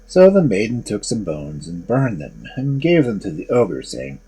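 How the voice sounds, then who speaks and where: A man's voice: deep voice, huge pitch swings, moderate pace, vocal fry, few pauses, dark tone, slightly rough, rough recording. A man reading a fairy tale aloud as a storyteller.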